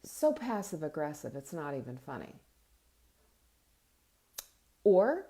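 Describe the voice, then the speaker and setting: A woman's voice: lowish voice, sing-song, moderate pace, few pauses, warm tone. Earnest woman talking straight to listeners. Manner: earnest, conversational, addresses listeners directly. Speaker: host. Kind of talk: casual inspirational talk. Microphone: live video stream.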